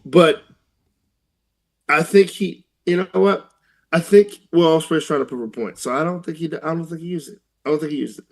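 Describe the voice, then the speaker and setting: A man co-hosting a casual podcast, laid-back and quick to laugh. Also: on the high side. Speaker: podcast co-host. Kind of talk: casual wrestling podcast chat.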